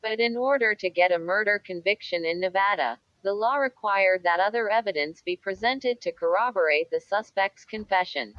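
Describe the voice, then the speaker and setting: A woman narrating a true-crime book in a measured, even reading. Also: mid-range voice, dry recording, highs cut off. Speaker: audiobook narrator.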